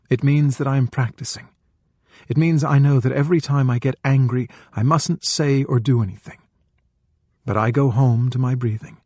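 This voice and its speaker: A middle-aged man reading a spiritual book aloud as an audiobook narrator, in a gentle, measured way. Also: medium pitch, husky, dry recording.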